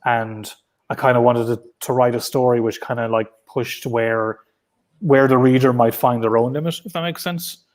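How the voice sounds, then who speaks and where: An Irish man chats casually on a video call, rambling through his thoughts with lots of ums and restarts. His voice sits at an ordinary middle pitch, neither deep nor high. He sounds like a guest answering questions in a relaxed online interview. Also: moderate pace. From Ireland. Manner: rambling, many fillers and restarts. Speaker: comic book writer guest.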